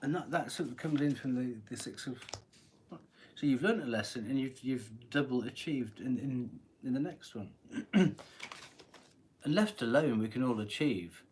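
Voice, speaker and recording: A man with a husky voice giving a live tarot reading, chatty and rambling, often clearing his throat. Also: medium pitch, lively intonation, moderate pace, a little mellow, slight background noise. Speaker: tarot reader.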